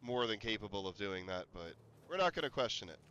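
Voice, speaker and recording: Bright, clear-voiced male streamer. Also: fairly low pitch, big pitch swings, a little fast, muffled recording. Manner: chatty and rambling, with bursts of laughter and startled yelps. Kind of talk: casual gameplay commentary.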